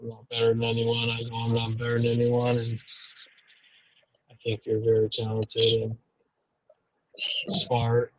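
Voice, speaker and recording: A man talking earnestly and apologetically in a casual live stream chat, in a measured way. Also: medium pitch, completely flat delivery, a little hiss or hum. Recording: dull lo-fi stream audio.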